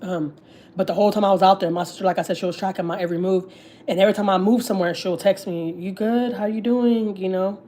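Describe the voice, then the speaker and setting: Fast-talking woman from Texas. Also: fairly low pitch, fairly even intonation, mellow, slight background noise. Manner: candid, frequent swearing and filler likes. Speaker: family vlogger. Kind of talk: casual livestream chat.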